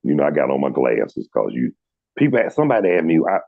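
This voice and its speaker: A man's voice: very animated, quick pace, gravelly, husky, no room sound, narrow, tinny audio. A man from Atlanta with a Southern drawl, telling stories in a casual chat with many restarts. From Atlanta, USA. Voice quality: very deep voice. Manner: storytelling with many restarts and quoted dialogue. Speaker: show host.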